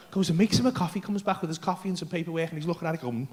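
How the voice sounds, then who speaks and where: A man's voice: a little high, rapid-fire, few pauses, darkish tone. A male stand-up comedian, telling a brash, sweary story and acting out the voices in it, on a comedy club stage.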